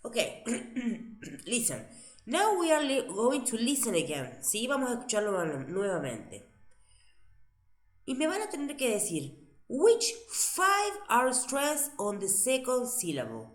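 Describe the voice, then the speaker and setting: A woman teaches English to a class. She talks slowly and patiently, echoing each answer back with a lively rise and fall. The room around her is echoey. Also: a little high, faint music behind. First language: Spanish. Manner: patient, repeats answers back, switches to Spanish to explain.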